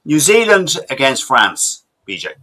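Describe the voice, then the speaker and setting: A man hosting a casual panel podcast over a video call, running through questions briskly with plenty of "uh" fillers. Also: mid-range voice, sing-song, bright, forceful tone. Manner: brisk quizmaster, hesitant fillers. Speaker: podcast host.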